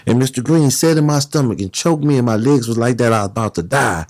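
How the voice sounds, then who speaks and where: Animated male storyteller, dry close sound. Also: medium pitch, quick pace, no room sound. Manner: animated, acts out the other voices in his stories. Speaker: guest. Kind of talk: casual storytelling.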